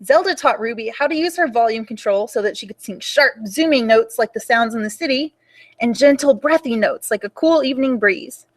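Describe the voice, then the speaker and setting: A young woman reading a picture book aloud for children at storytime, in an animated and expressive way. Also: fairly high pitch, brisk.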